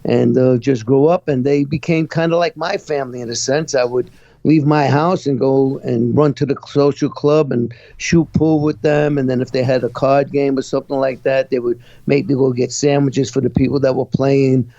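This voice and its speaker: A middle-aged man from Brooklyn, telling his life story as a guest in a halting way with many fillers. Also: medium pitch, steady tone, creaky, warm tone, no echo, lo-fi sound. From Brooklyn, New York. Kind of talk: personal testimony in an interview.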